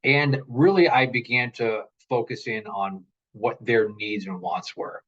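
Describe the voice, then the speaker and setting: A man's voice: mid-range voice, a little slow. Earnest father, dull video-call sound. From United States. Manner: earnest, animated storytelling with repeated words. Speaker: interview guest, parent. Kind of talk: casual interview chat.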